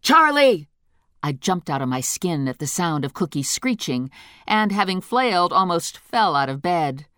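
A woman narrating a story in the first person with a wry, deadpan comic delivery. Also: deep voice, moderate pace, dry recording, clean studio sound. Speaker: audiobook narrator.

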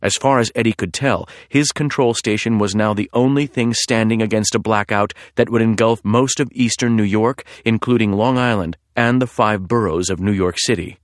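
A man with a lowish voice reads a thriller audiobook, measured and suspenseful. The recording is close and dry, with no room sound. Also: no room sound. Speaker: narrator.

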